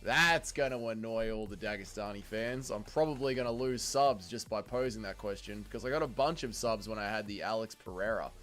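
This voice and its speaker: A man's voice: on the low side, brisk, few pauses, fairly bright tone, faint music behind. A man hosting a casual livestream, upbeat and bantering as he greets viewers by name. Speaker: livestream host.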